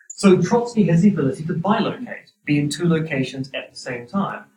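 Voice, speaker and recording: A man's voice: high-pitched, a little mellow. A man with a New Zealand accent giving a university lecture, with a wry, dry sense of humor. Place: lecture hall. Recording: roomy hall, distant mic.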